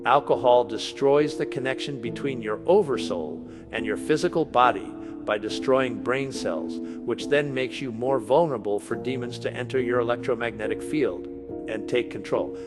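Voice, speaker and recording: A man's voice: medium pitch, moderate pace, over music. A man delivering a conspiracy monologue in an assertive, declarative way.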